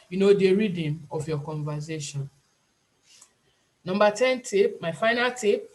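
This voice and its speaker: A Nigerian woman teaching an online IELTS speaking class in an earnest, emphatic way, repeating her key points. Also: medium pitch.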